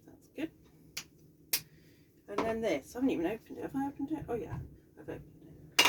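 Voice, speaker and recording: A woman's voice: a little high, lively intonation, fairly quick, pauses often. A woman with a Southern English accent, a piano teacher chatting casually in a rambling, easygoing cooking vlog from her home kitchen. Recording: distant mic, faint background noise.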